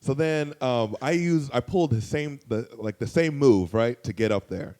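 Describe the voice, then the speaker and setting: A man spinning a casual anecdote, loose and profane. He keeps the story moving with fillers and asides. When he acts out what others said, his voice leaps up in pitch and volume. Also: moderate pace. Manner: animated, profane, jumps to high loud pitch when quoting others. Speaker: guest storyteller.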